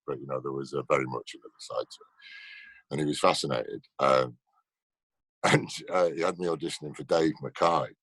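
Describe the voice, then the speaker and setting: A man's voice: very deep voice, fairly even intonation, moderate pace, fairly bright tone, breathy edge, no room sound. A man telling stories in a casual interview over a video call, laughing often. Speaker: actor guest.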